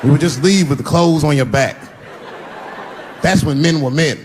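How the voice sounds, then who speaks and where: A man's voice: a little high, moderate pace, a little mellow. A middle-aged man on stage doing a stand-up routine, telling a story loosely and acting out the quoted lines. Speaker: stand-up comedian. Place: comedy stage before an audience. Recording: noisy live stage recording.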